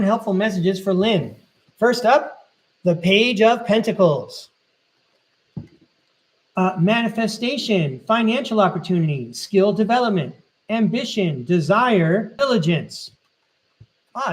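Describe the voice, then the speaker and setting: High-pitched male tarot host, cheerful and encouraging, live reading style. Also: poor audio. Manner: upbeat and encouraging, lists card meanings. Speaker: tarot reader and podcast host.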